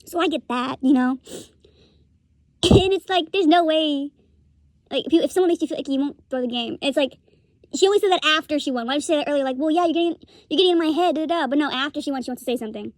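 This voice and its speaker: A woman's voice: high voice, fast, no echo. A young woman giving a rambling, profane commentary rant, laughing often as she talks. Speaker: streamer commentator.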